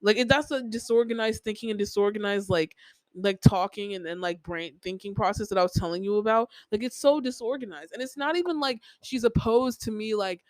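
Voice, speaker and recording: A woman's voice: mid-range voice, a little fast, no room sound, rough recording. A young adult woman hosting a podcast, venting in a casual personal monologue with many "like" fillers, repeating herself. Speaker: podcast host.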